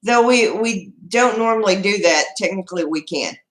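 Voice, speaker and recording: A woman's voice: mid-range voice, normal speed, reverberant. A woman from Texas with a Texan accent, hosting a casual live chat and answering viewer comments in a chatty, proud way. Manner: chatty, proud, laughs often, restarts sentences.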